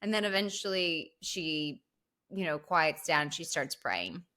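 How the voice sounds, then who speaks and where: A woman casually recapping a horror film, chatty and animated, swearing now and then. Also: fairly low pitch, moderate pace. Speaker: podcast host. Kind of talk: casual movie recap chat.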